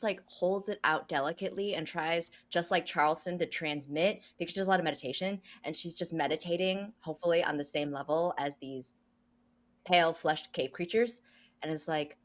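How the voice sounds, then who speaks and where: A woman describes her character's moves in a casual tabletop role-play with a loose, rambling flow, full of likes. Her voice sits on the low side. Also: fairly bright tone. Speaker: player.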